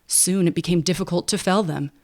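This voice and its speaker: A woman with a slightly low voice reads a classic novel aloud. Her narration is even and unhurried, the pace of a calm storybook reading. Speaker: audiobook narrator and podcast host.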